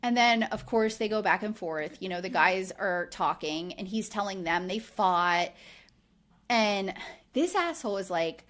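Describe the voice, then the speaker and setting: Animated woman recapping a reality show. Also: mid-range voice, a little slow. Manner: animated, frequent "like", acts out quoted lines. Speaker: podcast co-host. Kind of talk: casual recap chat.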